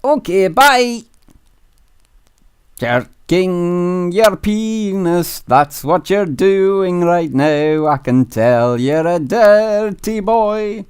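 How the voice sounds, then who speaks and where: A man's voice: high-pitched, animated, very slow, smooth, no echo, studio quality, heavily acted. A man voicing a rude, cheeky male puppet bird with a Scottish accent, teasing strangers in a video chat comedy. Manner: crude, teasing, sings silly songs.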